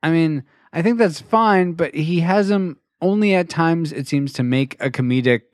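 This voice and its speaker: A man co-hosting a casual movie-review chat, animated and teasing, laughing often. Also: fairly high pitch, moderate pace, dry recording, studio quality.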